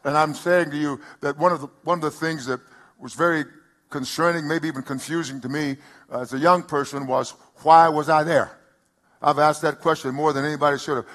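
Emphatic preaching man, fairly high voice. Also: steady tone, brisk. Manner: emphatic preaching, rising loud on key lines. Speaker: pastor. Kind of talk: sermon.

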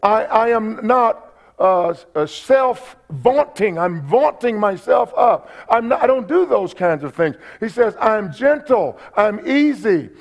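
A man with a high, gravelly voice preaches as pastor, folksy and humorous, with lively intonation and a measured pace. He repeats his points and makes asides to the congregation, captured on a dull lo-fi church recording.

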